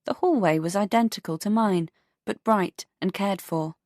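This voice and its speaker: A woman narrating an audiobook in an expressive, measured storytelling manner on a close studio microphone. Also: fairly low pitch, no room sound.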